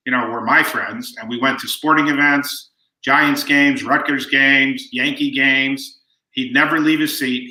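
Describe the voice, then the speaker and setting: Brief: man in his fifties, podcast guest, very bright and forceful tone, easy storyteller, echoey room. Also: medium pitch. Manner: relaxed anecdotal storyteller who acts out quoted lines. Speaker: guest author. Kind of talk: storytelling in conversation. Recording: roomy echo.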